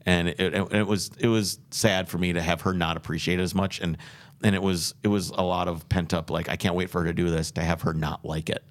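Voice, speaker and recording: A man's voice: low-pitched, steady tone, brisk. A man on a podcast telling a long road trip story, rambling and earnest with many restarts. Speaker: podcast host. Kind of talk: casual podcast chat.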